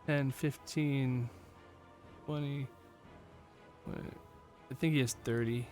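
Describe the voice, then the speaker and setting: A man running a tabletop fantasy game as game master, relaxed and quick to laugh, with plenty of fillers. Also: mid-range voice, soft background music.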